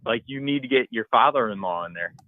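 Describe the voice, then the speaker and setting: A man and podcast co-host telling a hunting story in a casual, animated way, acting out his own shouts and the texts he got. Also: mid-range voice, fast talker, dry recording, narrow, tinny audio.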